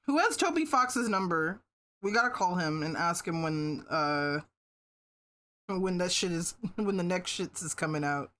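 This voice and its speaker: Woman streamer just chatting with chat, kinda low voice, swears a lot, laughs things off. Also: lively intonation, measured pace, a bit bright. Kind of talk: casual live-stream chat.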